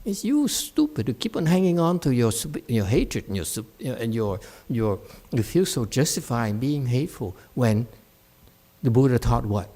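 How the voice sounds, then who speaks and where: Blunt, scolding monk with lively pitch. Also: male voice, normal speed. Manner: blunt, scolding and mocking, with laughs. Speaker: Buddhist monk teaching a meditation class. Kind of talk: dharma talk. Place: meditation center.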